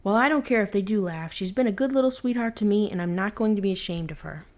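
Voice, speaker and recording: A woman's voice: medium pitch, fast talker, natural voice. A woman voicing a kind-hearted, earnest youngest brother in a bedtime storybook reading, speaking tenderly and sincerely.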